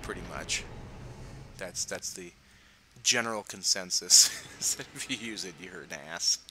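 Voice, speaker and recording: A man's voice: sits low, measured pace, pushed and bright, a little hiss or hum, low-quality recording. A young man giving casual gameplay commentary, chatty and laughing, with playful sarcastic asides.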